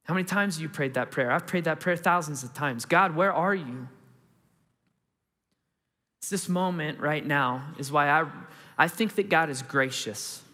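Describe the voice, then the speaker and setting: Bright-voiced pastor preaching in a hall. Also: male voice, on the high side. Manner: earnest, conversational preaching. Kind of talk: sermon. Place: large church auditorium.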